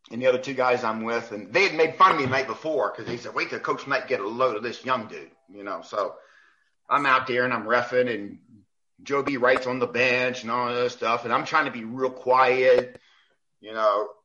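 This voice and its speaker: A man, a basketball referee and guest, telling animated anecdotes in a casual chat, acting out quoted lines and restarting often. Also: mid-range voice, moderate pace, muffled recording. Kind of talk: animated storytelling in a podcast chat.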